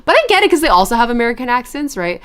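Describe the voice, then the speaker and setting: A woman streaming and chatting casually with her viewers, animated, swearing freely and laughing often. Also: fairly high pitch, racing, smooth. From grew up with Chinese and Japanese media.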